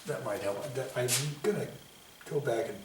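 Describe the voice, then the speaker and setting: A man giving a painting lesson, talking himself through each stroke in an unhurried, self-commenting way. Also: mid-range voice, a little mellow. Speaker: painting instructor. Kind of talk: painting demonstration. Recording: echoey room, mic at a distance, faint hiss.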